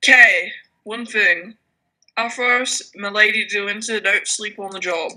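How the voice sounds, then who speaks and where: Young woman voicing prim bookish Aramis, husky and bright. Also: mid-range voice, steady tone, measured pace, rough recording. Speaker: player voicing a musketeer in an online animal game. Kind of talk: improvised role-play over gameplay.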